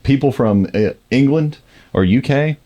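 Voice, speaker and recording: A man's voice: medium pitch, animated, measured pace, dark tone. A man on the podcast, chatting casually and giving blunt, offhand opinions. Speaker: guest. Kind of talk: casual chat.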